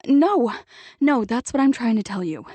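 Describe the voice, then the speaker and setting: A woman's voice: expressive, moderate pace, dry recording. A narrator doing a breathless, urgent young woman. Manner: urgent, loud and high.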